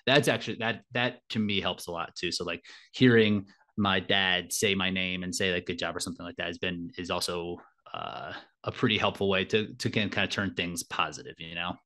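Reflective man talking, lowish voice. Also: fairly quick, pushed and bright. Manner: reflective, keeps adding "like" and "right?". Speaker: guest, elite fitness racer and coach. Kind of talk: casual interview talk.

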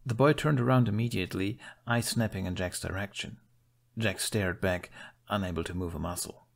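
A man reading fan fiction aloud in calm, measured storybook narration. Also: low voice, creaky.

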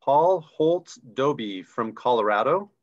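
A man's voice: medium pitch, animated, takes it slowly. Enthusiastic man on dull video-call audio. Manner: enthusiastic, chatty explaining ranks. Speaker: co-host reading recognition names. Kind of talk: live online recognition announcing.

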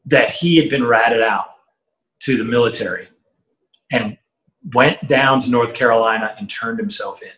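A middle-aged man telling a long anecdote as an interview guest, animated and full of fillers and restarts, acting out the voices he quotes. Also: medium pitch, moderate pace. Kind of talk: storytelling anecdote in casual chat. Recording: roomy echo.

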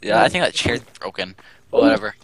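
A man's voice: fairly low pitch, very animated, fast talker, a bit bright, no room sound. A man bantering and teasing a friend while they play a game together. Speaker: guest player. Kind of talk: casual gaming banter.

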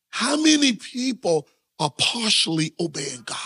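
A man's voice: sits high, sing-song, a little slow, vocal fry, sharp tone, breathy edge. A man preaching a sermon, with call-and-response lines he has the congregation repeat. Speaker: pastor.

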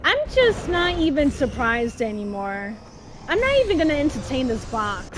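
A woman's voice: high voice, measured pace. A woman hosting her gaming channel, chatting casually and exasperated through a let's-play, often exclaiming at the game. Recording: steady noise with game sounds behind.

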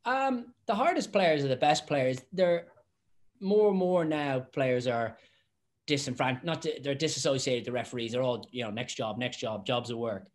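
A former professional referee chats casually on a podcast, telling lively anecdotes full of restarts and repeated words. His voice is mid-range and his pace moderate.

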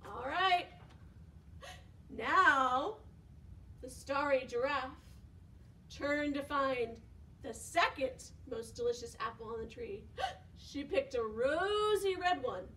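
Heard far from the mic over a little hiss or hum, a young woman runs preschool storytime as a children's librarian. She sings action songs and reads a picture book in an animated, sing-song way, gasping and asking the kids questions, her high voice slow and pausing often.

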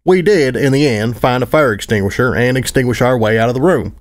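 A man's voice: mid-range voice, fairly quick. A man narrating a fan fiction audiobook in first person, with a wry, dry delivery.

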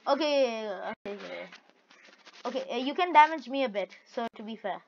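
High-pitched young woman gaming on a lo-fi mic. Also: animated, normal speed, creaky, a little hiss or hum. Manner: playful trash talk, frequent laughing. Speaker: gaming video creator. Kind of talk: casual gameplay commentary.

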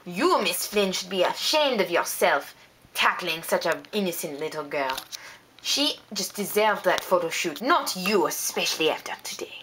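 A woman voicing a scornful, scolding photographer in a lower voice, over faint music. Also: very animated, moderate pace, background noise. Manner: scolding, dismissive.

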